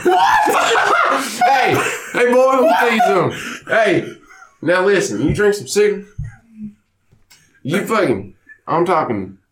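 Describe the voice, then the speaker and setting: A man voicing his rowdy, drunk middle-aged dad, hollering in a loud drawl and calling everyone boy. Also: sits high, huge pitch swings, slow pace, pauses often, pitched above the performer's own voice, exaggerated voice.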